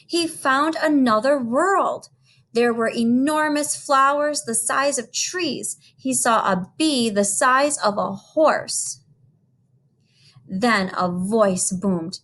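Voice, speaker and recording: A woman teacher reading a storybook aloud to children, slow and expressive. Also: fairly high pitch.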